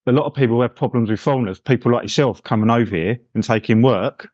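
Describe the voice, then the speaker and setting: A man hosts a podcast in a matey, chatty manner, tossing in lots of tag questions. His pitch sits in the middle. The sound is dry and a little dull. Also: fast talker, darkish tone, no room sound. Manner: matey, chatty, full of tags like "isn't it". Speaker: podcast host. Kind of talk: casual chat.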